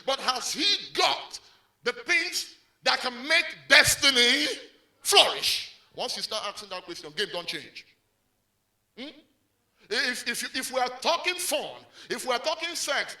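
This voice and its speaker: A male pastor preaching a sermon, animated and full of call-and-response prompts to the congregation. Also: very high-pitched.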